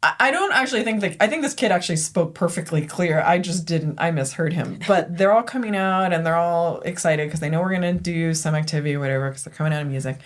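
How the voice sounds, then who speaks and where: A woman's voice: fairly low pitch, quick pace, few pauses. A woman teacher co-hosting a podcast, chatting casually and telling a classroom story with frequent laughs and fillers. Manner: chatty, laughs often, many "um" and "like". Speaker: fifth grade teacher and podcast co-host.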